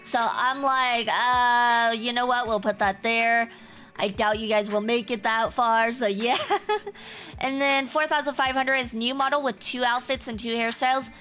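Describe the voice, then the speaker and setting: A woman's voice: a little high, fairly even intonation, measured pace, sharp tone. A woman streamer chatting casually with her viewers, teasing and self-assured. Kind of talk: casual chat with a live chat.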